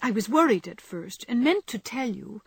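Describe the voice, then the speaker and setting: Woman doing a gentle distressed young woman, pleading, husky, high, dry sound. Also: lively intonation, normal speed, dry recording. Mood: ashamed.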